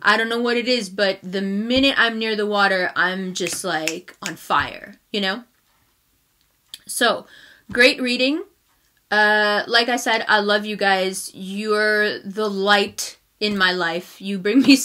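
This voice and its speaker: A woman's voice: mid-range voice, pushed and bright. A woman tarot reader talking casually and effusively to her viewers, laughing often and getting emotional. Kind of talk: casual direct-to-camera talk.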